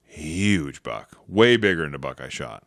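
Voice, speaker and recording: A man's voice: very deep voice, measured pace, creaky, no room sound, clean studio sound. A man co-hosting a podcast, telling a hunting story casually with swearing and acted-out bits. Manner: animated storyteller, swears, acts out others' lines. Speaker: podcast co-host.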